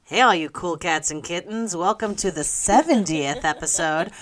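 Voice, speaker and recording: Deep-toned woman, podcast co-host, giggly banter in an attic. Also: normal speed, over loud music. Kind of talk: casual chat.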